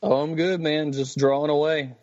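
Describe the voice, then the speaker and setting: A man's voice: a little high, steady tone, normal speed, a little mellow, lo-fi sound. A man co-hosting a casual podcast, laid-back and hesitant as he talks. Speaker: comic artist, podcast co-host.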